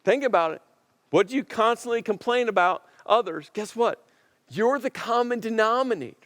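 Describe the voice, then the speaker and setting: A male pastor preaching a sermon in an animated way, acting out dialogue and repeating lines for emphasis. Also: high voice, normal speed, long reverb tail.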